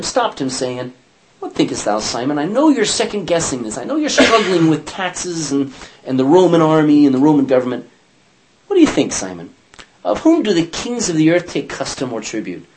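A man teaches scripture to a class in a lively, somewhat high voice that swings widely in pitch. He tosses questions to his listeners and slips into character voices for the quotes. A faint hiss sits under the recording. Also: poor audio. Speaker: Bible study teacher. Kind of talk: interactive Bible teaching.

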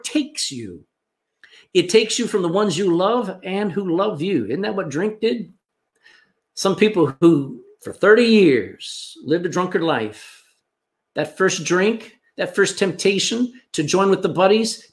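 A man preaching a sermon, swinging between loud emphasis and hushed asides. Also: sits high. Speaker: pastor.

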